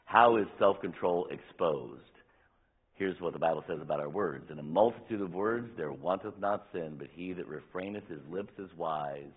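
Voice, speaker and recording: A man's voice: deep voice, normal speed, breathy edge. A middle-aged man preaching a sermon as pastor, candid and conversational, acting out little quoted asides to make his points. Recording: tinny phone-like sound.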